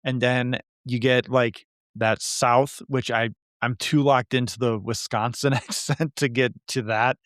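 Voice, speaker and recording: Casting note: Midwestern male podcast host, rambling and self-deprecating, smooth clear voice, dry close mic. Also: medium pitch, fairly even intonation, a little slow, few pauses, fairly bright tone, no echo. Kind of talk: casual chat.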